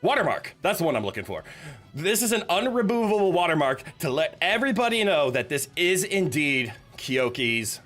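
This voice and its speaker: Man, live streamer, casual chat with viewers, nervous and joking, giggly, bright tense voice, faint music behind. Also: on the high side, sing-song, normal speed. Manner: chatty, joking, talks to chat.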